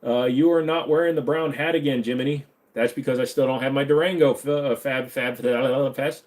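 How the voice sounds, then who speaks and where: A man's voice: mid-range voice, steady tone, fairly quick. Joking thirty-something man live-streaming. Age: 30s. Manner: loose, joking, swings between mumbled asides and loud hype. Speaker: live stream host answering chat.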